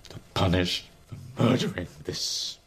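An actor playing a menacing middle-aged gang boss from the 1800s, with an old New York accent and a slow, nasal, theatrical drawl. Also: male voice, sits low, animated.

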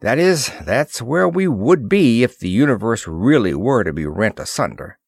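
Man reading a joking young flyer, lively pitch, dry close sound. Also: moderate pace, vocal fry, breathy edge, dry recording, exaggerated voice. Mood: wry. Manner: joking, hasty. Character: wisecracking young male flyer, easygoing.

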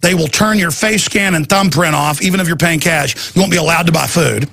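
A man hosting a radio show, ranting urgently and emphatically in a gravelly voice. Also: on the high side, a little fast, sharp tone. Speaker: radio host. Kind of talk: impassioned talk radio monologue.

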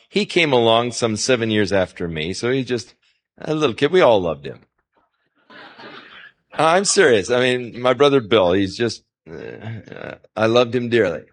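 A male pastor giving a conversational Bible-teaching sermon, folksy and anecdotal, with rising emphasis on scripture. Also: mid-range voice. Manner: folksy, anecdotal, chuckles at his own stories.

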